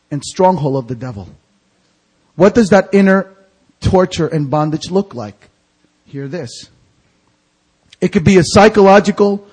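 In a church sanctuary, a male pastor delivers an evangelical sermon, testing the congregation with fill-in-the-blank questions while swinging between hushed tones and shouting. His voice sits high with a breathy edge, and the recording quality is low.

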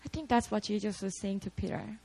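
A woman's voice: medium pitch, fairly quick, creaky, warm tone, breathy edge, low-quality recording. A young woman preaching a casual, storytelling sermon, chatty and full of "like" and "you know". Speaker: preacher at a prayer meeting.

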